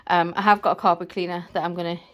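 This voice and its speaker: A woman's voice: on the low side, level tone, racing, lo-fi sound. A pregnant-sounding woman, chatting casually at home in a vlog, out of breath and rambling. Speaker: vlogger. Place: indoors at home.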